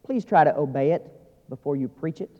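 A male pastor preaches earnestly in a notably high voice, swinging from loud emphasis to hushed intensity. His sermon carries a long reverb through a large hall. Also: expressive, brisk, dull audio.

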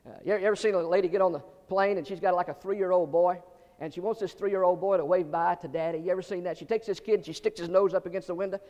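Male pastor with a high voice, rapid, joking folksy sermon delivery and echoey hall sound. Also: fairly even intonation, dark tone, dull audio. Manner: folksy, joking, quick asides, repeats words. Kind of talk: sermon with humorous stories.

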